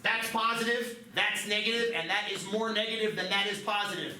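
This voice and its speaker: A man teaching a math class, lively and joking, with quick asides to his students. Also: high voice. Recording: roomy classroom, mic at a distance, background noise.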